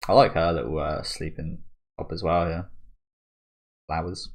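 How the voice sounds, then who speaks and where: Deep-voiced man musing over a manga chapter. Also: steady tone, a little slow, long pauses. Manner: musing, chatty, with frequent fillers and chuckles. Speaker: manga reaction channel host. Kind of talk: casual reaction commentary.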